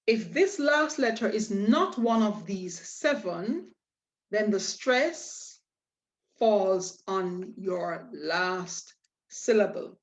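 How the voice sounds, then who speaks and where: A woman's voice: medium pitch, lively intonation, drawn-out words. A woman teaching a lesson, explaining patiently and spelling out letters one by one. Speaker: Spanish teacher. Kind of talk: online lesson.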